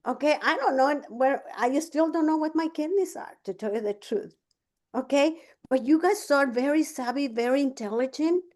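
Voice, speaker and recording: A woman leads a casual business training, her voice sitting a little high. She tells stories with lots of fillers and restarts, acting out both sides of each conversation. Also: animated, moderate pace, a little mellow. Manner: chatty, many fillers and restarts. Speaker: business coach. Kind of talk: casual training talk with storytelling.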